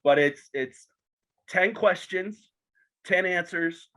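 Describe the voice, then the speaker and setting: A man's voice: sits high, slow pace, fairly bright tone. A man hosting a podcast, asking questions in a chatty, joking way with some false starts. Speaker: podcast host. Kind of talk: casual interview chat.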